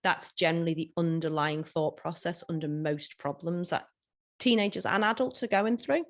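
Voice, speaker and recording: A woman's voice: deep voice, normal speed. A woman with a British accent, a wellness coach speaking earnestly as a guest in a casual video-call interview. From United Kingdom.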